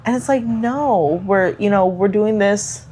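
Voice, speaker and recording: A woman's voice: medium pitch, a little slow, mellow, slight background noise. A woman co-hosting a casual podcast about motherhood, talking in a reflective, earnest way with many fillers. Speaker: podcast co-host. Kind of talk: casual chat.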